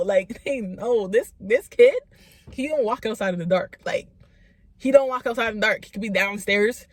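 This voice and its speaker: Animated woman vlogger with a high voice. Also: brisk, no echo. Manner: animated, lots of "like", acts out quotes. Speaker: vlogger telling a story. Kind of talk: casual storytime.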